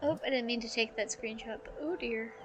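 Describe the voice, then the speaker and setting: A woman streaming a video game live, chatting casually in a soft, emotional way with many fillers. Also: fairly high pitch, fairly quick, background noise. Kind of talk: casual live gameplay commentary.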